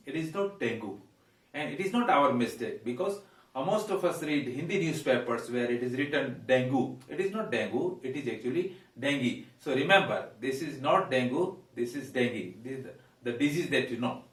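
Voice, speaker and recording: A man with an Indian English accent teaching English pronunciation at a whiteboard, halting with frequent "uh"s and repeating words slowly. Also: on the high side, animated. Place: room with a whiteboard. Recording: roomy echo, mic at a distance.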